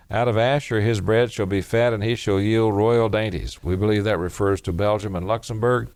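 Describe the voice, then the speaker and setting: A man preaching a sermon, reading scripture verses aloud and explaining each one in a measured way. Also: on the low side, darkish tone, dry recording.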